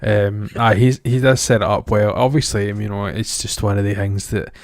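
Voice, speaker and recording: A man's voice: lowish voice, fairly even intonation, moderate pace, dry recording, clean studio sound. A Scottish man co-hosting a podcast, chatting casually about a film in a rambling, self-deprecating way with frequent laughs. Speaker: podcast co-host. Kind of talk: casual film review chat.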